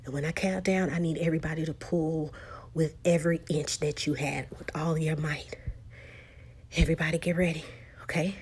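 A woman voices an intense older veteran father, his words low, urgent and half whispered. The voice is husky and pitched below the reader's own, with a steady, commanding press. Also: moderate pace, close to an everyday voice. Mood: hushed, urgent.

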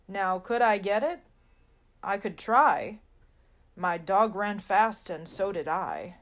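Woman reading a children's picture book aloud, sing-song rhymes, slow pace, mid pitch. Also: expressive. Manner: sing-song rhyming delivery. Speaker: storybook reader.

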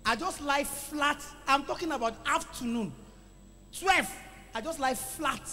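A man preaching a sermon to a congregation, calling for responses and swinging between loud exclamations and quiet asides. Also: very high-pitched, unhurried. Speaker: pastor. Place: church hall. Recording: echoey church hall with music.

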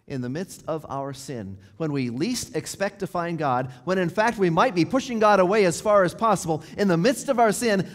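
A male pastor preaching a sermon in a church, telling the story conversationally and dropping to a near hush at the ends of phrases. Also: high voice, in a large hall. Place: church sanctuary.

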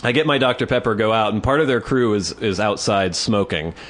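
Podcast co-host, man, low voice with a wide swing, animated storyteller, casual. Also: brisk. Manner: animated storyteller, acts out quotes, swears freely.

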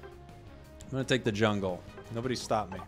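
A young man casually commenting on his matches as he plays, rambling and telling deadpan joke stories. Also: lowish voice, moderate pace, soft background music. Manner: rambling, joking, deadpan tall tales. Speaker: gaming channel host.

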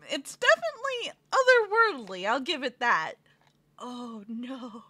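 A woman streamer with a high, bright voice gives cutesy, jittery play-by-play of a game. She often whimpers that she is scared, and her pitch swoops up and down a lot. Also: big pitch swings, a little slow, breathy edge, no echo. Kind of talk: live let's play commentary.

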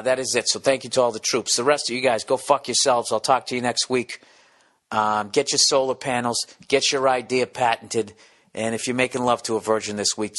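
A middle-aged man hosting a podcast, rambling through a profane comedic monologue full of quick restarts. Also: medium pitch, fairly bright tone. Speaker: podcast host.

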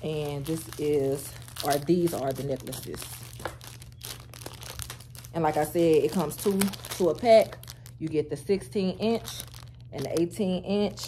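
A woman vlogger chatting to camera at home, animated and talkative, calling her viewers y'all, girl and baby. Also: deep voice, slow, slight background noise. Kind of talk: casual get-ready-with-me chat to camera.

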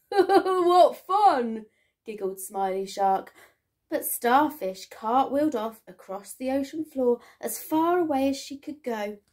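A woman teacher reading a picture book aloud to young children in a sing-song, expressive storytelling manner. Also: fairly high pitch, unhurried.

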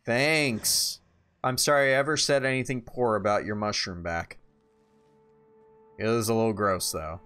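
A man casually commenting while playing a video game for the first time, reacting loudly to surprises and musing quietly in between, a bit tired. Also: on the low side, unhurried, long pauses, smooth, faint music behind. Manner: reactive, swings from calm musing to excited shouts. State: tired, yawning. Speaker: gaming YouTuber. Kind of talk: casual let's-play commentary.

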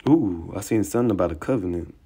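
A man teaching scripture in a heated online sermon, combative and excitable, taunting opponents with profanity, then reading verses aloud and stopping to comment on them. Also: sits low, fast, slightly rough. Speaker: religious teacher.

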